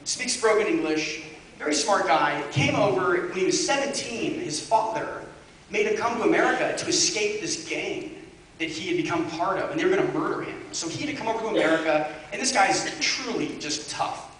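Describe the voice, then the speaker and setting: A man's voice: sits high, fairly quick, a little hiss or hum. Rambling man telling a story in an echoey hall. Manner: animated, rambling, heavy use of "like". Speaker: guest speaker. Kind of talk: comic storytelling to a live audience. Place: large university event hall. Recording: echoey hall, distant mic, loud audience.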